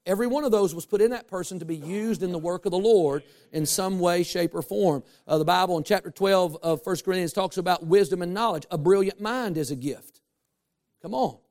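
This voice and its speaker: Male pastor, high-pitched, lively humorous sermon delivery. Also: brisk. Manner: animated, humorous preaching with rising emphasis and asides to the congregation.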